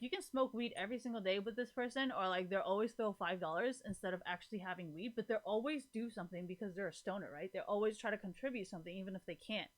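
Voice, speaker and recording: Woman, streamer, casual live chat, rambling, swears a lot, constant "like" fillers. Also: mid-range voice. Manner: rambling, profane, fills every gap with "like".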